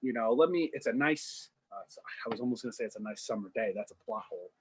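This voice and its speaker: A young man co-hosting a podcast, telling a made-up story in a loose, rambling way and slipping into quick character voices. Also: medium pitch, expressive, a little hiss or hum. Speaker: podcast co-host. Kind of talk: casual storytelling chat.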